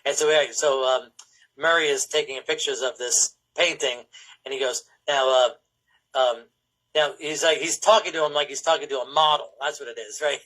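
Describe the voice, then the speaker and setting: A man's voice: mid-range voice, steady tone, normal speed, bright, forceful tone, poor audio. A man hosting a casual film podcast. He rambles, laughs often and quotes movie lines in a put-on voice. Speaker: podcast host.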